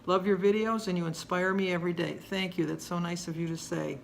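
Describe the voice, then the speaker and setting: A woman's voice: fairly low pitch, fairly even intonation, a little fast, vocal fry, a little hiss or hum. A woman in her sixties chatting casually to camera at home, rambling and homey in her delivery. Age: 60s. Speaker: vlogger.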